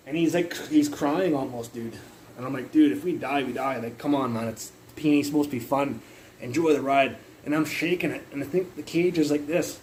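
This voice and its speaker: A man's voice: a little high, fairly quick, slight background noise, low-quality recording. A young man telling a rambling, profane story in a casual livestream from his phone. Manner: rambling, profane, animated retelling.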